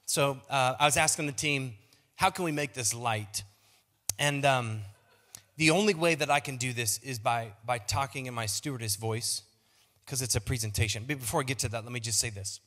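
Playful male pastor, self-mocking sermon, forceful bright tone, long church reverb. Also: mid-range voice, a little fast. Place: large church auditorium.

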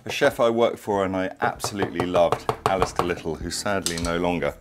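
Chatty deep-voiced man cooking. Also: brisk, over music. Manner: chatty, digressive, enthusiastic. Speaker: cooking show host. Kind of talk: casual cooking demonstration. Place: home kitchen.

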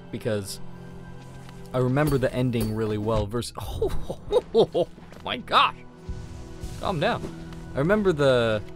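A man giving casual gameplay commentary as a let's play host, giggly, gushing and excitable. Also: medium pitch.

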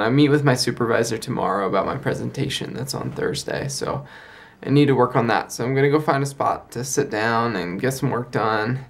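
A young American man vlogs a story in a chatty, rambling way, often correcting himself as he goes. His voice is mid-range and brisk, with vocal fry.

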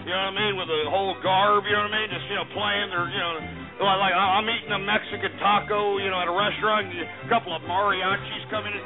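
A man's voice: high-pitched, fairly even intonation, fast. A man hosting a comedic talk radio show, rowdy and cursing, yelping and out of breath. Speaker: radio host. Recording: tinny phone-like radio audio with faint music.

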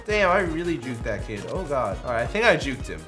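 A young man giving excitable live gameplay commentary, trash-talking and yelling in bursts. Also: medium pitch, brisk. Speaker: gaming YouTuber. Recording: music playing behind.

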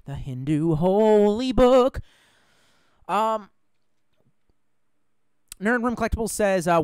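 A man's voice: sits high, very animated, a little slow, long pauses, a little mellow, smooth, dry recording. A man chatting frankly on a live stream, rambling, swearing freely and reading out viewer comments.

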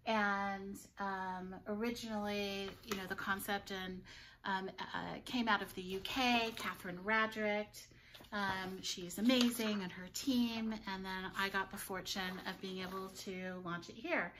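Bright, chatty woman. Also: medium pitch, steady tone, unhurried, slight background noise. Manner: chatty and giggly. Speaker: yarn shop owner. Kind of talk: casual chat.

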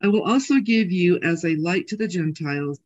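A man with a high voice reads a Bible passage aloud, slowly and carefully. The sound is dull and muffled, as if it were picked up from across the room. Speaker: class participant reading scripture.

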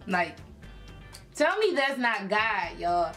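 A young woman from Philadelphia telling a personal story in a casual vlog, chatty and animated, full of fillers and acted-out quotes. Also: medium pitch, slow pace, faint music behind. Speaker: YouTube creator.

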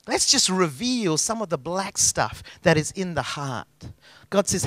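A middle-aged man preaching with a high, forceful voice. He talks in an emphatic, conversational way and hammers home repeated phrases. The sound is dry and close. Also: animated, moderate pace, no room sound. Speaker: pastor. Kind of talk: sermon.

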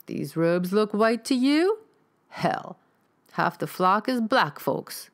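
A woman's voice: medium pitch, big pitch swings, voice pushed up. A woman voicing a taunting cult gunman. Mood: scornful. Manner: slow, taunting, mocking. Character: scornful male rural cult gunman.

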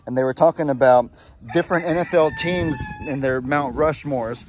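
A man's voice: fairly high pitch, wildly swooping pitch, normal speed, noisy background. A man hosting a casual farm vlog, rambling and chatting with viewers in an easygoing way. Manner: easygoing, rambling, Southern-style "y'all". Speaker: farm vlogger host. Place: outdoors on a farm among animals.

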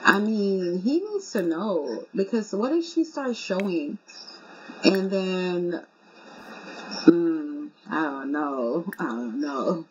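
A woman's voice: lowish voice, slow, breathy edge. Chatty young woman narrating her game. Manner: chatty, excitable, informal with fillers like y'all. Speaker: gaming video creator. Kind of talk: casual game commentary. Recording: slightly muffled with faint hum.

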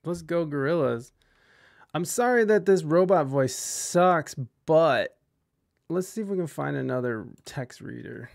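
A man's voice: on the high side, lively intonation, unhurried, gravelly, a little mellow, no room sound. This is a man hosting a casual podcast. He jokes and apologizes as things go wrong. His talk stays loose and self-deprecating. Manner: joking, flustered, self-deprecating. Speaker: podcast host. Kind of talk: casual chat.

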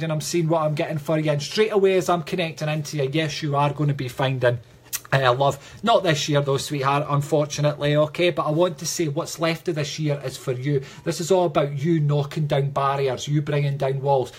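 A man's voice: on the high side, slightly rough. A Scottish man working as a psychic medium, giving chatty, affectionate readings to viewers on a livestream and calling them sweetheart.

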